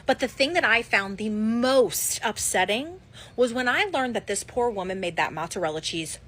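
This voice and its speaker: A woman speaking earnestly to camera, dropping to a hush to stress a point. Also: fairly high pitch, expressive, normal speed. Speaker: social media poster.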